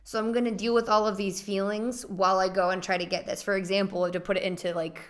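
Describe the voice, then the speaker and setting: A young woman with a mid-pitched voice co-hosts a candid chat. She thinks aloud and restarts her sentences as she asks probing, reflective questions. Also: flat delivery, fast. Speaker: co-host.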